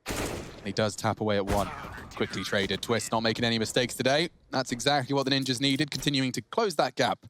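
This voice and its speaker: A man doing fast, excitable play-by-play for a competitive shooter match, joking with his co-caster. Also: mid-range voice, slight background noise. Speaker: esports caster. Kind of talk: play-by-play commentary.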